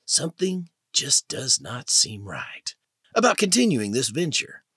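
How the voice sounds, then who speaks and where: Expressive husky male narrator. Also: mid-range voice, a little slow, no room sound, studio quality. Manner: dramatic, expressive. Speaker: audiobook narrator. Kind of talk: scripted narration.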